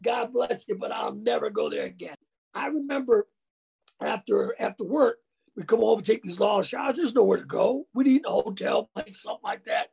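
A high-voiced man with a deeply gravelly, rough texture tells stories in a relaxed interview. His husky delivery is folksy and colloquial, the way a former ballplayer talks about the old days. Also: brisk. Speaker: interview guest, former college football player. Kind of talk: casual storytelling.

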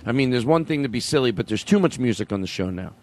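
A man hosting a comedy podcast, rambling and animated in loose banter, a studio mic with a light music bed. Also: mid-range voice, fast. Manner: rambling, animated, breaks into loud announcer hype. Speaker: podcast host. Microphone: studio microphone.

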